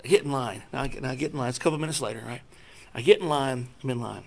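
Guy with a gravelly voice telling his church story, jokes on himself, acts out what he was thinking. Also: medium pitch, racing. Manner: self-deprecating, acts out his own thoughts in lively voices. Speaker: speaker sharing a personal testimony. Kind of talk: storytelling testimony to a church group.

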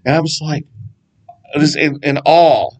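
A man's voice: fairly high pitch, a little slow, poor audio. Casual storytelling male preacher. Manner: conversational, storytelling, acts out dialogue. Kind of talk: casual sermon with Bible teaching.

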